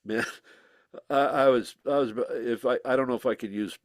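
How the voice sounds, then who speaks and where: A man telling stories as a guest in an interview, animated and laughing, slipping into voices when he quotes people. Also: medium pitch, moderate pace, dry recording, studio quality. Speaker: musician guest. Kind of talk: casual storytelling interview.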